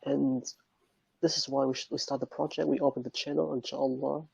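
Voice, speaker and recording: A young man from Germany, a guest in an online interview, speaking halting non-native English mixed with Arabic phrases. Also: mid-range voice, little pitch movement, gravelly, dark tone, slightly rough, no room sound, muffled recording. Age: young adult.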